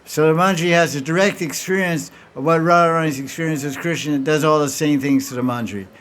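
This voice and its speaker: A spiritual teacher gives a devotional talk, telling stories and performing the characters' dialogue, often restarting and repeating words. His voice is fairly high and a bit bright, and he talks quickly.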